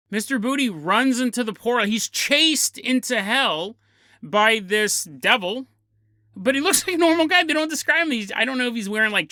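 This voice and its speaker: A man's voice: sits high, pushed and bright, no echo, studio quality. A man hosting a podcast, telling a strange story with a comedic bent and chuckling through his jokey asides. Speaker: podcast host.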